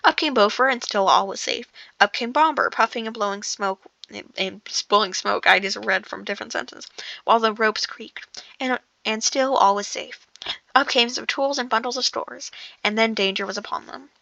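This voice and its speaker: A woman's voice: fairly high pitch, normal speed, gravelly, bright, forceful tone, no echo, lo-fi sound. A woman casually reading a novel aloud, often stumbling over words, restarting sentences and breaking off for joking asides. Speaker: audiobook reader.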